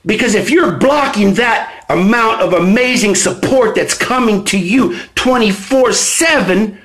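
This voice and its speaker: A man hosting a live stream, reading from his own book and preaching self-understanding, swinging between low chatty asides and loud emphatic bursts. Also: lively intonation, measured pace, rough recording. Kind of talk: motivational live stream talk. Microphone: phone or webcam on a live stream.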